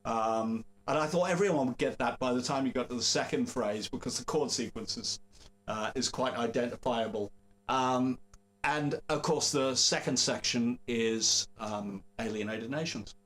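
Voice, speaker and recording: A man hosting a casual live-stream chat, relaxed and rambling with fillers and chuckles. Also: medium pitch, moderate pace. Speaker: host.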